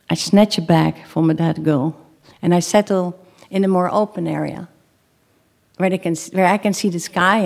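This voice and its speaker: A woman telling a true first-person story to a live audience, halting at times, repeating and restarting phrases, and acting out her own pleas. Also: on the low side, creaky, darkish tone.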